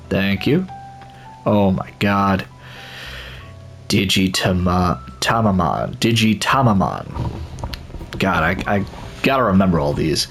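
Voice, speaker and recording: A man's voice: sits low, expressive, slow pace, creaky, long pauses, a bit bright, faint music behind. Rambling man doing gameplay commentary. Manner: rambling, with many restarts and laughs. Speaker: gaming channel host. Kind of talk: let's play commentary.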